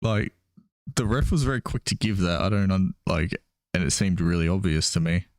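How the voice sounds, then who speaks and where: Pria Australia bersuara rendah, banyak tertawa. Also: male voice, sits low, moderate pace, darkish tone, dry recording, studio quality. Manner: laughs often, hesitant restarts. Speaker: podcast co-host. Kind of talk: casual sports chat while watching a game.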